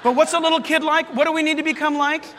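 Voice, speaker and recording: A man preaching a sermon as pastor, telling stories in an animated way with loud excited bursts. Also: very high voice, quick pace, long reverb tail, a little hiss or hum.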